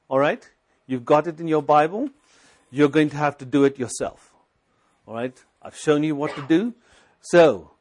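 A man's voice: on the high side, normal speed. A male preacher delivers a sermon, voice sitting a little above the usual male range. He drives his points home through repetition and constant questions to the room, mixing in recited scripture. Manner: exhorting, repetitive, rhetorical questions.

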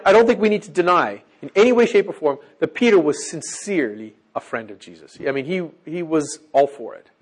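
A man preaching a sermon in an animated way, who keeps checking in with his listeners. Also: on the high side, breathy edge.

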